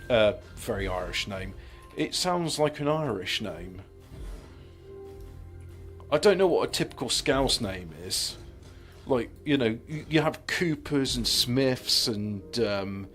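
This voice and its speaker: A man's voice: medium pitch, a bit bright. A man streaming a game, rambling through sardonic jokes and muttering to himself as he plans his moves. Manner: self-muttering while planning moves. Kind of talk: casual gameplay commentary.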